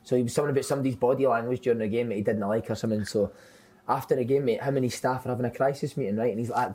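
A man's voice: medium pitch, fairly even intonation, racing, dark tone, husky. A man, a podcast host telling swearing-filled football stories with lots of laughter. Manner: swearing, laughing, says "mate" often. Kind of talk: casual chat, storytelling.

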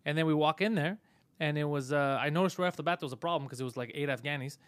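A man hosting a casual live-stream podcast, swearing freely and telling stories with animated energy. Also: fairly high pitch, rapid-fire, smooth, no room sound. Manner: profane, animated storytelling. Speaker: podcast host.

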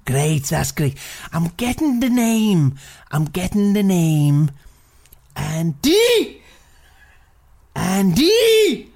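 A man's voice: fairly high pitch, very animated, takes it slowly, vocal fry, a little mellow, exaggerated voice. A man playing a crude, boastful fake psychic in improvised comedy, swearing freely. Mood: brash, crude. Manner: swearing, brash, mock-mystical. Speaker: comic psychic character.

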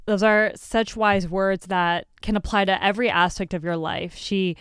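A woman's voice: medium pitch, fairly even intonation, normal speed, smooth, no echo, clean studio sound. A woman hosting an interview, asking questions and giving brief encouraging replies. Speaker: host. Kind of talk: interview host.

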